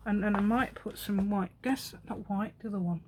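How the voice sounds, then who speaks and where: A woman's voice: medium pitch, steady tone, normal speed, darkish tone, a little hiss or hum. A woman in her fifties chatting and rambling as she makes a craft piece at home, talking to herself and laughing often. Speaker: craft vlogger.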